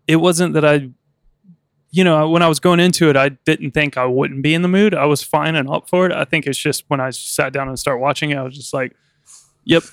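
A man's voice: fairly high pitch, steady tone, fairly quick, smooth, no echo. Chatty male podcast co-host, dry studio sound. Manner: chatty, rambling, laughs often. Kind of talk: casual podcast chat.

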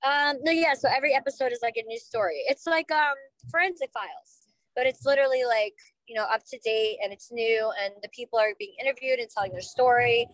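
A woman's voice: fairly high pitch, fairly quick, no echo, poor audio. Blunt, outspoken woman co-hosting a podcast. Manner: blunt and outspoken, swears freely. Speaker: podcast co-host. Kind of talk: casual chat.

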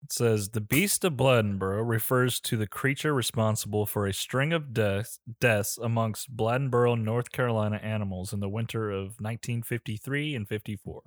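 A man's voice: lowish voice, normal speed, few pauses, dry recording, studio quality. A man co-hosting a casual chat, reading out a spooky story from a wiki page with joking asides. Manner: reads aloud from a wiki page with jokey asides, laughs often. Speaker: podcast co-host.

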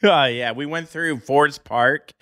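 A young man from St. Louis co-hosting a casual podcast, playful and quick to laugh. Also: a little high, fairly bright tone, no echo, studio quality. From St. Louis, USA. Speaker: podcast co-host. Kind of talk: casual chat.

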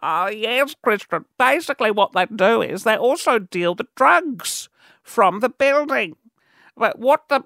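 A chatty lady in her eighties, as a man puts her on, gossiping in a casual, matter-of-fact tone. Her voice sits a little higher than his own and is recorded close and dry. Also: pushed and bright, no echo, heavily acted.

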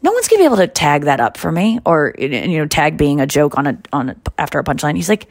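A woman hosting a podcast, chatting casually and telling stories in an animated way, acting out what others said. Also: sits low, dry recording, studio quality. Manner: animated storytelling, quick impressions of others. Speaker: podcast host. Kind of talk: casual chat.

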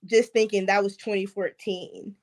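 A woman chatting as a podcast guest, telling animated stories. She laughs often and fills her speech with casual fillers. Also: medium pitch, moderate pace. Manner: animated storytelling with acted-out quotes. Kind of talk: casual interview chat.

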